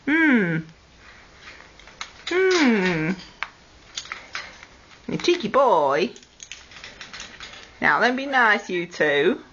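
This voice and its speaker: A woman's voice: mid-range voice, very animated, drawn-out words, long pauses, fairly bright tone. A woman talks baby talk to her pet parrots at home, coaxing them and scolding them fondly. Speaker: pet owner. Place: home room with parrot cages. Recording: lo-fi 2008 home video with faint noise.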